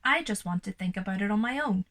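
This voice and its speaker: Gentle, lively woman reading to children. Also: mid-range voice, fast talker. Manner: gentle, reassuring, speaking directly to young children. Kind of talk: reading a picture book aloud to children, with explanations.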